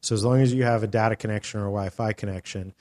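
A middle-aged man with a lowish voice, hosting a casual podcast chat. He rambles through a story with plenty of "uh" and "um" and swears offhandedly. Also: steady tone, very fast, a little mellow. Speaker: podcast host.

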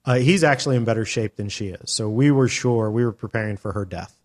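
A middle-aged man with a lowish voice, hosting a casual podcast chat. He rambles through a story with plenty of "uh" and "um" and swears offhandedly. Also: fast. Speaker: podcast host.

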